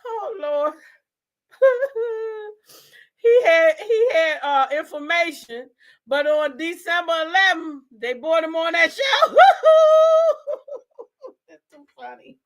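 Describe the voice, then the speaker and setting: A woman's voice: very high-pitched, lively intonation, a little slow, a bit bright. A woman hosting a gossip live stream, talking bluntly and profanely and laughing often. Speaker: host of a gossip show. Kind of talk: casual live-stream commentary.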